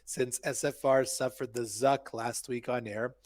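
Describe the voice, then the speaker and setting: A man's voice: medium pitch, fairly even intonation, a little slow, darkish tone, no room sound. A man with a mid-range voice reads a listener's letter aloud on a podcast, steadily with the odd stumble. The recording is dry and close. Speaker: podcast co-host.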